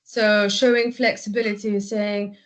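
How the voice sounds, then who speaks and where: A woman's voice: medium pitch, little pitch movement, measured pace, poor audio. A woman giving spoken feedback on a role-play, weighing what went well against the mistakes. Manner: analytical, weighs strengths and mistakes. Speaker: workshop participant giving feedback.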